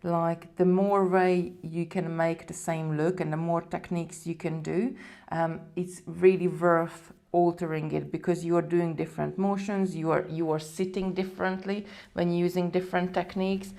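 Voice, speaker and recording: This woman has a lowish, mellow voice with little pitch movement, speaking at a moderate pace with few pauses. In a live beading tutorial, she chats easily and talks her viewers through each step as she goes.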